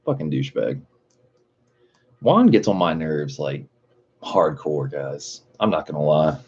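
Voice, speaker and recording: Speaking a little slowly in an extremely low, darkish voice with a breathy edge, a man hosts a livestream. He's animated, rambles freely, curses constantly, and laughs a lot during the casual chat. The audio is dull and lo-fi.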